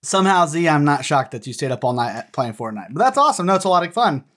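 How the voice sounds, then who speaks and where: A woman's voice: sits low, very animated, fast. A woman hosting a casual podcast, teasing and encouraging her young guests. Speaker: podcast host.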